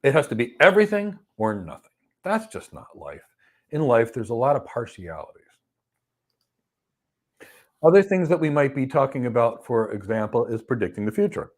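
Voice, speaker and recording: A man's voice: mid-range voice, moderate pace, long pauses. A middle-aged man hosting a question and answer session, giving career advice and acting out little stories with quoted voices. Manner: animated storytelling, acts out quoted people. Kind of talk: live Q&A advice talk.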